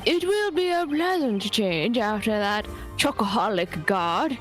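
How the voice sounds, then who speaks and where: Melodramatic cook, mock Italian accent, hammy, done by a woman; high, lively pitch. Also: measured pace, soft background music. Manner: hammy, giggly. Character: melodramatic female ship's cook.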